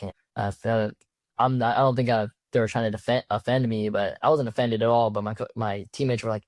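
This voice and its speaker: A man's voice: lowish voice, fairly even intonation, a little fast, no echo. A young man, a college wrestler, telling his story in a loose, rambling way with many fillers and restarts. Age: young adult. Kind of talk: casual storytelling.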